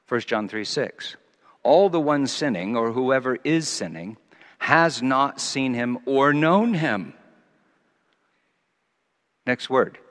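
A man preaching a sermon, swinging from quiet musing to loud, emphatic scripture reading. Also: fairly low pitch, unhurried. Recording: long hall reverb.

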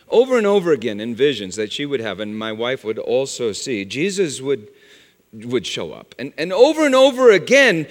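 A middle-aged man preaching a sermon, telling a story and weaving in scripture references. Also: gravelly. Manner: storytelling with scripture references, pitch rising and falling widely. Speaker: pastor. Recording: long hall reverb.

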